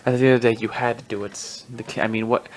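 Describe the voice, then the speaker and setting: A man's voice: mid-range voice, flat delivery, fast, slight background noise. Rambling, profane male podcast host. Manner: rambling, profane, self-mocking, laughs often. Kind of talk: casual solo sports commentary.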